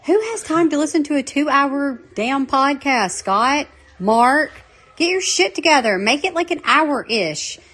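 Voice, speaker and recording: A woman's voice: high voice, lively intonation, unhurried, a bit bright. A woman with a Southern US accent leaving a casual voicemail, blunt and joking, with a lot of swearing.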